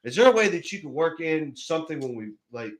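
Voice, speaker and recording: A man's voice: a little high, very animated, fast talker. A man chatting as a player after a tabletop game, hesitant and full of fillers.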